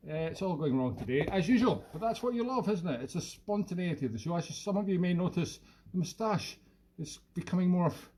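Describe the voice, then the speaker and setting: A man's voice: a little high, mellow, a little hiss or hum. A man with a Scottish accent hosting a live stream from home, chatting in a jokey, rambling, self-mocking way into a phone. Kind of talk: casual live-stream chat. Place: at home during lockdown. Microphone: phone camera.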